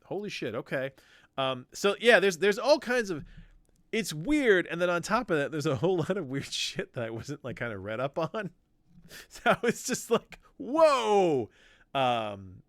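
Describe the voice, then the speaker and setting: Animated man retelling a story. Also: fairly high pitch, normal speed, no room sound, studio quality. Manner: animated storytelling, acts out quoted lines, swears freely. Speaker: podcast host. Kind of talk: casual chat about comics.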